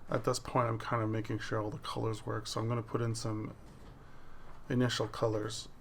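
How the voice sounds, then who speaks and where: A man's voice: on the low side, completely flat delivery, fairly quick, slight background noise. A man casually narrating over a video of his digital drawing, explaining each step as the work plays on screen. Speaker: digital artist.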